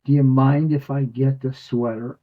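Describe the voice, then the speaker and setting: A man's voice: medium pitch, flat delivery, normal speed, natural voice. A man quoting a cranky little old woman with a cane who politely asks a favor, in his own voice. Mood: pleading. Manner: polite pleading. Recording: muffled lo-fi audio.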